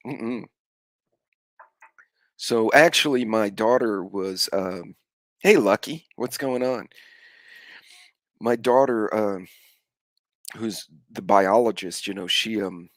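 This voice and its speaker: A man's voice: on the low side, takes it slowly, pauses often, a bit bright, dry recording. A middle-aged man, hosting a casual live stream chat and telling rambling stories with offhand swearing.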